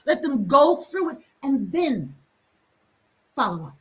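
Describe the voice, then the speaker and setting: A woman hosting a reflective teaching talk, speaking emphatically and acting out quick asides. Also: high voice, very animated, a bit bright. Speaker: host.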